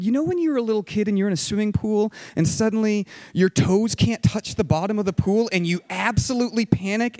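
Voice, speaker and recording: A young man telling a dramatic personal story, vivid and excited, acting out shouted quotes. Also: sits high, dry recording. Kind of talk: personal story told to an audience.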